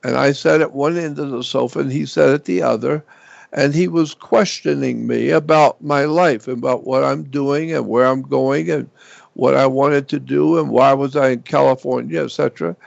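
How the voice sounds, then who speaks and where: An older man telling a personal story as an interview guest, slow and halting with frequent fillers. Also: medium pitch, steady tone, creaky, dry recording. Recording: dull lo-fi dry recording.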